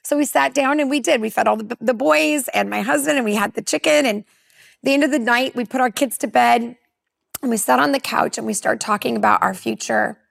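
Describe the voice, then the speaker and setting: A woman in her forties from California, a women's pastor, telling a personal testimony in an earnest, animated way during a panel conversation. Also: fairly high pitch, fairly quick, creaky, no echo, studio quality. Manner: earnest, animated storyteller who acts out dialogue.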